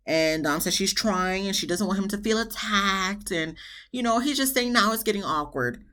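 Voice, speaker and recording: A woman's voice: mid-range voice, expressive, moderate pace, pushed and bright. A woman reviewing a reality TV episode in a chatty, emphatic vlog style with dramatic asides. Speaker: TV show reviewer.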